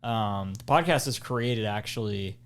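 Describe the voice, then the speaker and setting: A man's voice: lowish voice, a little slow. A man co-hosting a casual podcast chat, explaining things at length with lots of ums and restarts. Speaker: podcast co-host.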